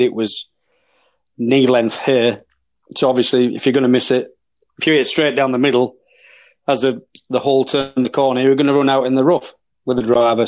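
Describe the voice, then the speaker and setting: A man's voice: mid-range voice, a little mellow. A middle-aged man spins a yarn in casual conversation as a podcast guest. He is blunt and swears freely, and he acts out both sides of the exchanges as he tells them. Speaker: professional golf caddie, podcast guest. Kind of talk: casual storytelling.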